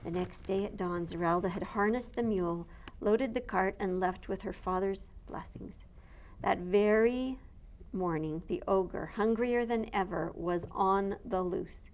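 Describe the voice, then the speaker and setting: A woman reading a picture book aloud to listeners with an expressive, animated delivery. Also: medium pitch, a little slow. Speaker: storyteller.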